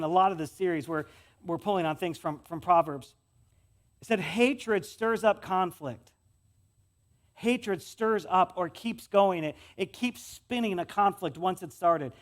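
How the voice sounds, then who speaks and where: A male pastor with a West Michigan accent, preaching a sermon in a conversational way, often repeating words and moving between loud stretches and soft ones. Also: sits high.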